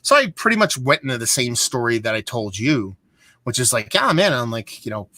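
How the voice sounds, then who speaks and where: A man's voice: medium pitch, big pitch swings, a little fast, pushed and bright, no echo. Rambling man from Pennsylvania swapping beer stories. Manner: rambling storyteller, frequent swearing and restarts. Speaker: beer show host. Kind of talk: casual live-stream chat.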